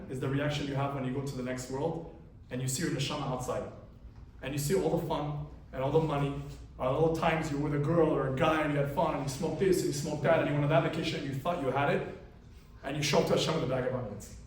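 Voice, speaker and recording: A man, a rabbi giving a weekly class, telling a parable as a lively storyteller who acts out the characters. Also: fairly high pitch. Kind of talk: storytelling sermon. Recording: very echoey room, voice from far off, faint noise.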